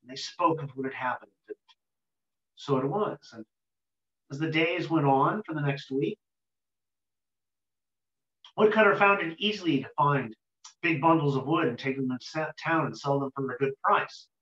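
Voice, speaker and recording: A male storyteller telling an old folk tale in an unhurried, rhythmic way, with a voice slightly higher than most men's. The recording sounds roomy and a bit muffled, with a lo-fi quality. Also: a bit bright.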